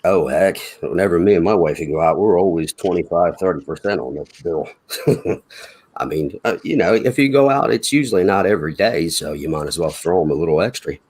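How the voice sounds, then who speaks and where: A man's voice: deep voice, expressive, fairly quick, a little mellow, slightly rough. A middle-aged man, chatting casually in a rambling, folksy way and chuckling between remarks. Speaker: chat participant. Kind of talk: casual chat.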